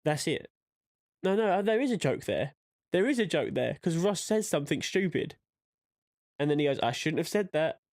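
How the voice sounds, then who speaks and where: A man's voice: a little high, animated, normal speed, a little mellow, no echo. Guy co-hosting a podcast, rambly casual chat, acts out bits of dialogue, dry close mic. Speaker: podcast co-host.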